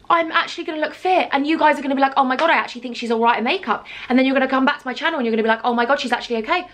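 A woman's voice: a little high, rapid-fire, hardly any pauses, fairly bright tone. A young woman chatting casually and self-deprecatingly while doing her makeup for a beauty vlog. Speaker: beauty vlogger. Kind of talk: casual get-ready-with-me chat.

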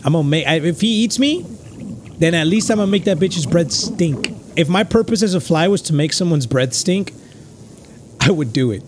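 A man giving let's play commentary as he plays, joking around in a crude, excitable way. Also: on the high side, normal speed, noisy background. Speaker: gamer.

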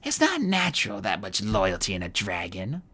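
An audiobook reader voicing Dune, a grim adult military dragon with a slow, no-nonsense delivery. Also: low voice, huge pitch swings, sharp tone, husky, full character voice.

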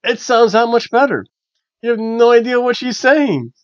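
A man hosting a casual wrestling review, chatty and animated with lots of fillers. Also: very high-pitched, normal speed, dry recording. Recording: dull, dry lo-fi recording.

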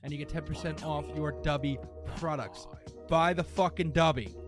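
A man's voice: a little high, steady tone, normal speed, over music. A man hosting a casual podcast, joking, swearing and reading sponsor plugs. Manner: loose, swearing, reads ad plugs. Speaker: podcast host.

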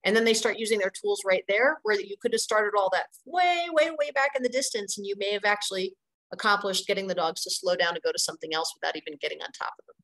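A middle-aged woman leads an online training session in an energetic, conversational way. She sounds chatty and emphatic, doubling words to drive her points home. Her voice sits at a mid pitch. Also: fast, poor audio. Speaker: dog playgroup trainer presenting a webinar. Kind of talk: instructional webinar talk.

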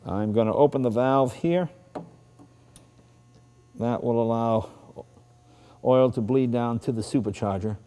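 A man's voice: mid-range voice, a little slow, long pauses, dark tone, clean tone. A man with a Boston accent, host of a car show, casually and enthusiastically walking through a classic car in a garage. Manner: enthusiastic, chatty, self-deprecating. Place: garage, then outdoors.

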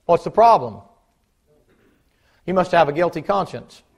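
A man preaching a fiery sermon as pastor. He swings from shouting to mocking mutters. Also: a little high, expressive, unhurried, vocal fry. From United States. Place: church sanctuary.

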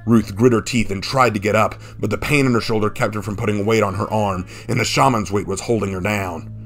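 A man narrating a fan-written action story in a steady, dramatic reading. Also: lowish voice, fast. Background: faint background music.

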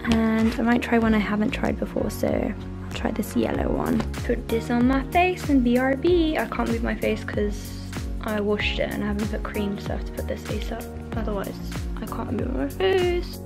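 A young woman rambles casually to camera, her voice a touch high and gravelly with vocal fry. She talks as a chatty vlogger getting ready at home, full of "like" and "yeah". Faint music plays behind her. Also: sing-song, moderate pace. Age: young adult. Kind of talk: casual vlog chat.

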